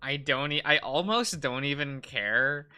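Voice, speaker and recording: A man's voice: on the high side, a little slow, sharp tone, clear, resonant tone, faint music behind. A male streamer chatting casually and rambling with frequent laughs while he draws.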